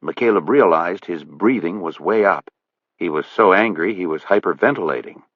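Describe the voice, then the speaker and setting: Low-voiced male audiobook narrator. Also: expressive, normal speed, no echo. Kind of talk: scripted narration. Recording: dull lo-fi dry audiobook recording.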